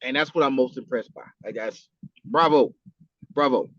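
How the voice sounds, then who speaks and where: A man's voice: mid-range voice, normal speed, no echo, lo-fi sound. A man co-hosting a podcast, talking casually and with animation, swearing a lot and acting out quotes. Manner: animated, profane, acts out quotes. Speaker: podcast co-host. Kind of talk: casual chat.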